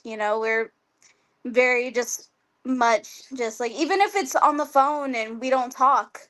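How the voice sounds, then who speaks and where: A talkative woman speaks as a guest on a streamed interview over a video call. Her voice sits a little high, and she rambles casually, with constant "like" fillers and easy laughter. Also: a bit bright. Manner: chatty, lots of "like", laughs often. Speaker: guest wrestler.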